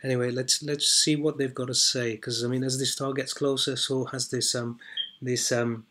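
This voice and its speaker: A man giving unscripted commentary as he reads an article aloud, hesitant and filling pauses with ums and uhs, repeating points for emphasis. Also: mid-range voice, little pitch movement, pushed and bright. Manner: emphatic repetition for stress. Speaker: video blogger.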